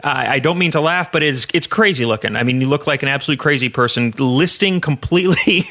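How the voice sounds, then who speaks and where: Bright-voiced man host, stammering. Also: fairly high pitch, a little fast. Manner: stammering, repeats words while thinking. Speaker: podcast host. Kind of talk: casual interview chat.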